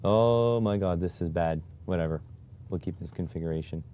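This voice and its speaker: A man's voice: sits low, moderate pace, dark tone, slight background noise. A man streaming live, muttering to himself and getting exasperated while he fiddles with display settings. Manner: exasperated, keeps sighing oh my God. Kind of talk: casual live-stream talk.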